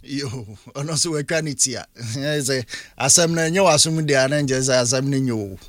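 A man with a Ghanaian accent hosting a radio phone-in, briskly inviting listeners to call in. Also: medium pitch, very noisy. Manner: brisk, reads out phone numbers and invites callers. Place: radio studio.

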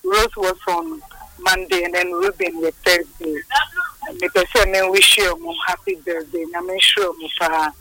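A woman's voice: on the low side, sing-song, unhurried, vocal fry, noisy background. A woman calling into a radio show, chatty and mixing in English. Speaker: caller. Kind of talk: phone-in chat.

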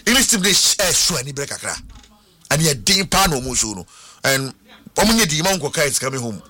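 A man with a Ghanaian accent presenting a radio sports show, excitable and sing-song as he talks about football. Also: a little high, a little fast. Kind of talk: lively radio sports commentary mixing English and Twi.

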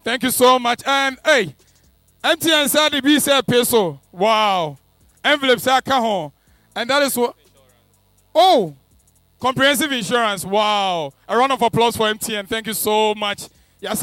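A man's voice: very high-pitched, pushed and bright, no echo, clean studio sound. A man hosting a promotional event as MC, upbeat and hyping the crowd. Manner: upbeat, hyping, switching into English.

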